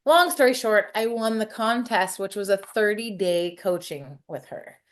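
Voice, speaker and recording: A woman's voice: medium pitch, expressive, a little slow. A woman in her forties, a hairstylist telling her personal story in an interview, frank and chatty with some casual swearing.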